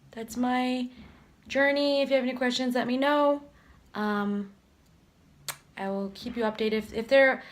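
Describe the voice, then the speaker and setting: A young woman from Canada giving a casual, chatty vlog update to camera, hesitant and full of fillers. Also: on the high side. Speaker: vlogger.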